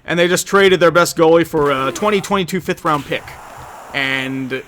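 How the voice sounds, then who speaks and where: A man's voice: a little high, fairly bright tone, a little hiss or hum. A young man streaming a game, answering chat in a rambling, sarcastic, joking way. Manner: rambling, sarcastic, quick to joke. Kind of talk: casual live-stream chat over gameplay.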